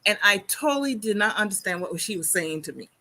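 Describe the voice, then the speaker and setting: A woman hosting an interview, telling a personal story in a chatty, animated way. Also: medium pitch, a little fast. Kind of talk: conversational interview.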